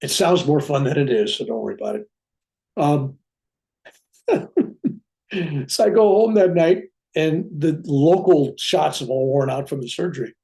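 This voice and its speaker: A reverend telling a personal spiritual story, acting out what people said along the way. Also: male voice, a little high, measured pace, creaky, long pauses. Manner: animated, acts out dialogue in his own voice. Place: room at home with a bookcase.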